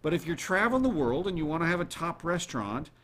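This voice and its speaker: A man's voice: a little high, fast, slight background noise. Chatty man hosting a talk show. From United States. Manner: chatty, animated, asks the audience questions. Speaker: radio show host. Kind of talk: casual monologue to listeners.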